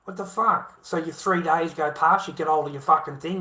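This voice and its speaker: A man's voice: fairly high pitch, fairly even intonation, brisk, bright, forceful tone. A man with an Australian accent talking casually to camera, blunt and heavily profane, circling back with repeated rhetorical questions.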